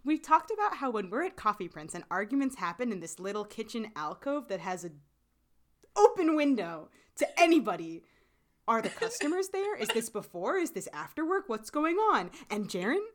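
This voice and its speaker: A woman's voice: fairly high pitch, very animated, moderate pace. A woman co-hosting a casual chat, bubbly and laughing a lot, acting out the characters' lines. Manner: bubbly, laughs often, acts out quotes. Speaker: podcast co-host. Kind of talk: casual chat recapping a drama.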